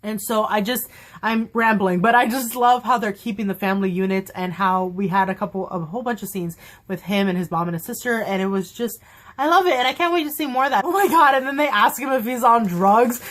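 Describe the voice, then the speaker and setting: Young female vlogger, excitable and giggly, rambling fan-review chatter, voice sitting a little high. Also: a little fast. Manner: gushing, giggly, rambling with many fillers.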